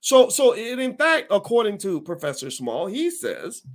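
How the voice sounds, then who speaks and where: Give me a man with a high voice hosting a podcast, emphatic and folksy, talking straight to his listeners. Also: moderate pace. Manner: animated, folksy and emphatic, with repeated restarts. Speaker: podcast host. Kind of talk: casual commentary to listeners.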